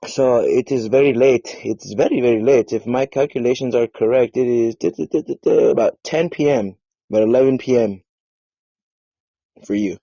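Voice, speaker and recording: A man's voice: mid-range voice, normal speed, mellow, no room sound. A man hosting a casual video chat, playful and teasing his guest, heard over a video call. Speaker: host. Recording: muffled lo-fi audio.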